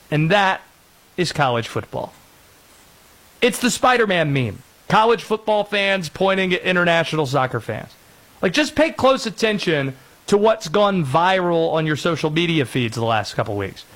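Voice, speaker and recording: Male sports radio host, high voice, very lively delivery. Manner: lively, animated, jokey, breaks into put-on voices.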